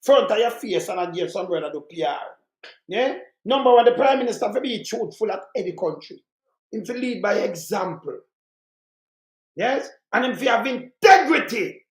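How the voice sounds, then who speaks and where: A political commentator with a Jamaican accent delivers a heated monologue in a medium-pitched voice with lively intonation and normal speed. He rants fiercely in patois, hammering the same points repeatedly, and the recording has a roomy echo.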